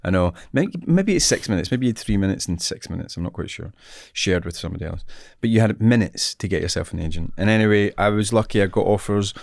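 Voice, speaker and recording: A middle-aged man with a Scottish accent, talking in a relaxed chat and telling stories with real energy, slipping into other people's voices as he goes. His voice sits on the lower side, and the recording is dry and close with no room sound. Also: fast talker, vocal fry, hardly any pauses, no echo. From Scotland. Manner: animated storytelling, acts out quoted voices, laughs often. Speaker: actor guest. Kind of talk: casual chat.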